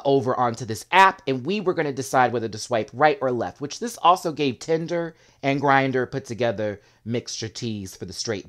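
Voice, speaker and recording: Male show reviewer, sassy and animated, casual recap talk with quick asides. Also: mid-range voice.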